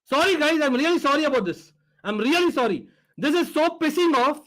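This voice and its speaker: A man's voice: extremely high pitch, fast talker, fairly bright tone, poor audio. A man with an Indian accent reacting to a live football match, ranting and switching between English and Hindi. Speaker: fan reaction host.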